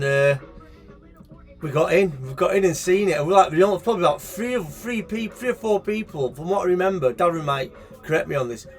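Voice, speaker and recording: A middle-aged man with a Manchester accent, telling a childhood story in a casual, animated way, swearing freely and acting out the people in it. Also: a little high. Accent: Manchester English. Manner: swears freely, animated, acts out voices in the anecdote. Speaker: shop owner telling a story.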